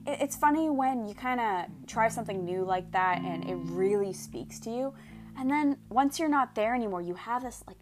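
A young Canadian woman chatting casually in a vlog, gushing and excitable, swearing and saying "like" constantly. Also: medium pitch. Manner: gushing and excitable, swears, fills every phrase with "like". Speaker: vlogger. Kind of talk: casual chat.

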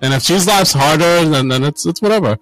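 A blunt man with a somewhat high voice gives his take and swears freely. His voice is dry and close, with faint music behind. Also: fairly quick, fairly bright tone, dry recording, poor audio. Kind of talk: casual group chat.

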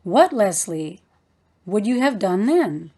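A woman voicing a gentle, loving man speaking tenderly to little children in a storybook reading. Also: medium pitch, big pitch swings, slow pace, husky, exaggerated voice.

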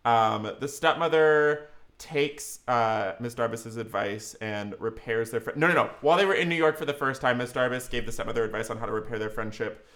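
A man co-hosting a podcast, telling a long made-up story in a rambling, animated way and apologizing for its length. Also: mid-range voice, brisk. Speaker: podcast co-host.

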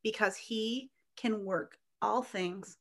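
A woman's voice: medium pitch, fairly bright tone. Earnest woman author guest. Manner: earnest, faith-filled, slows for emphasis. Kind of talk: casual chat.

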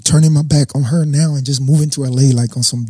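A man's voice: mid-range voice, fast talker, husky, no room sound. A young man, a guest, telling a personal story in casual talk and acting out what people said. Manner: animated storyteller acting out quotes.

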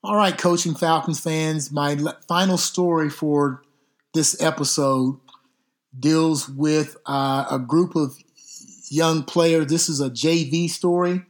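A middle-aged man, a football coach hosting a podcast, telling stories casually in an unhurried, drawn-out way with some mild cursing. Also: fairly high pitch, fairly even intonation. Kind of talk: casual storytelling.

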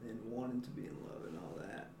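A man's voice: fairly low pitch, expressive, quick pace, noisy background. A man talking earnestly and reflectively in a casual podcast conversation. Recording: roomy echo.

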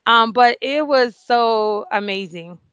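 A woman in her forties, a nurse being interviewed, telling an emotional story with many fillers and excited outbursts. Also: on the high side, slow, clear, resonant tone, no room sound, lo-fi sound. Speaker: award-winning nurse guest.

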